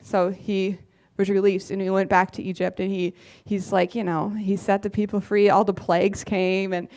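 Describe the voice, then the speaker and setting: A woman's voice: medium pitch, level tone, moderate pace, darkish tone. A woman giving a casual sermon in a church, chatty and often laughing, with many fillers. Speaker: preacher.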